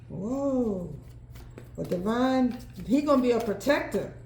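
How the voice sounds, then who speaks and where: A woman with a high voice reads tarot cards at an unhurried pace, musing aloud as she goes. She often bursts into exclamations and laughs. Her voice echoes in a roomy space, with faint ambience behind it. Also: lively intonation, vocal fry, darkish tone, slight background noise. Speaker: tarot reader. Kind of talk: solo tarot card reading.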